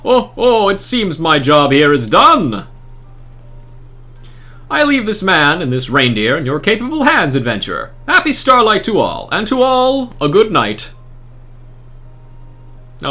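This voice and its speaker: A man's voice: on the high side, huge pitch swings, measured pace, long pauses, pushed and bright, pitched above the performer's own voice, exaggerated voice. A man voicing a grand, theatrical male holiday saint from a game, making pompous proclamations. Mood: jolly.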